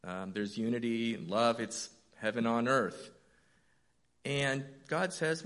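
A man's voice: medium pitch, lively intonation, slow pace, fairly bright tone. A man in his fifties, a church elder, preaching a conversational, story-driven sermon with self-deprecating asides.

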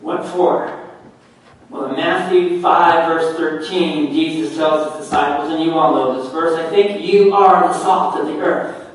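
A man preaches a sermon in a fairly high voice, unhurried and emphatic. He often sinks to a near hush on key words. He is heard from some distance in a very reverberant room. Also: a little hiss or hum. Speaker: pastor.

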